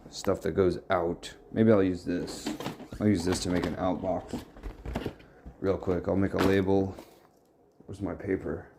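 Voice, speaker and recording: Low gravelly man rambling in his workshop. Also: background noise. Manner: rambling, muttering to himself while sorting things. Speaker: vlogger. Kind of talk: casual talk to camera. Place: home workshop.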